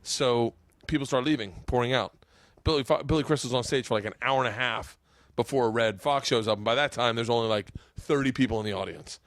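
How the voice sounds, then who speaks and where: A man hosting a podcast, telling comedy stories in animated casual chat, swearing and acting out voices and band sounds. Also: medium pitch, brisk, no room sound. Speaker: podcast host.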